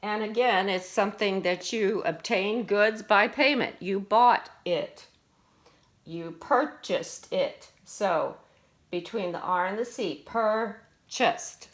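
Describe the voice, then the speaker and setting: A woman teacher slowly explaining vocabulary words, their parts of speech and syllables, in a deliberate classroom manner. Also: medium pitch. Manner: slow and deliberate, explaining word by word. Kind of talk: vocabulary lesson.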